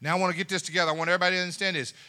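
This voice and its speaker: A man's voice: sits high, level tone, racing, bright, forceful tone, smooth. A man preaching a sermon as pastor, with laughing asides and call and response to the congregation.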